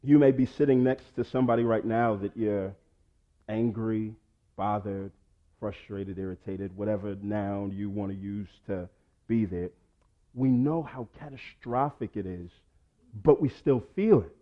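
A pastor preaching a sermon, swinging between loud urging and low quiet asides. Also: male voice, a little slow, narrow, tinny audio.

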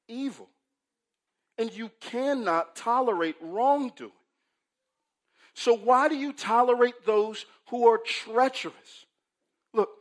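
A man preaching a sermon, moving from hushed, low passages to loud, emphatic ones, and often checking in with the listeners with "right?". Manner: asks the congregation "right?" often. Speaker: pastor.

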